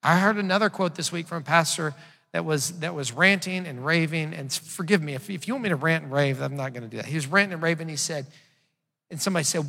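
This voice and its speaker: A man's voice: a little high, fast, vocal fry, sharp tone. A man preaching a sermon as pastor to his church. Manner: conversational preaching with emphatic repetition. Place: church auditorium. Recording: long reverb of a church hall.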